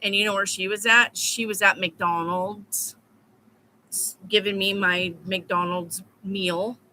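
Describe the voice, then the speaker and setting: Cussing lady tarot reader, chatty and blunt, bright sharp voice. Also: medium pitch, steady tone, slow, a little hiss or hum, low-quality recording. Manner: blunt, profane storytelling. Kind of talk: casual live tarot reading.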